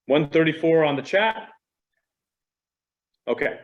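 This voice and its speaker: A man's voice: a little high, animated, slow pace, phone-quality sound. A middle-aged man giving a casual training talk to real estate agents. He speaks conversationally and animatedly, with a self-deprecating manner.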